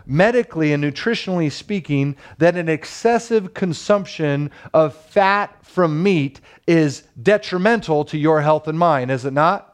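A man in his thirties preaching a sermon as pastor, with rising emphasis and frequent rhetorical questions. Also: on the high side.

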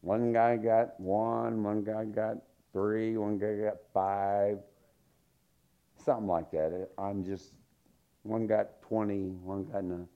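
A middle-aged man preaching a sermon, telling stories and acting out quotes with lively swings. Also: slow. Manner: animated storytelling with acted-out quotes and big pitch swings. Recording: dull lo-fi sound.

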